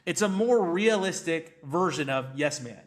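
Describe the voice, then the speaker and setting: A man co-hosting a movie review podcast in casual chat, animated and laughing often. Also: fairly high pitch, moderate pace. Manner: animated, laughs often, acts out scenes in quotes.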